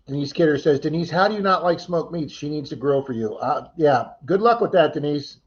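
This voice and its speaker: A chatty man with a fairly high voice hosts a relaxed morning livestream, greeting and thanking viewers one after another. The sound comes through dull and lo-fi. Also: brisk. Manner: chatty, thanks viewers by name, laughs easily. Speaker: livestream host. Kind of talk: casual chat reading viewer comments.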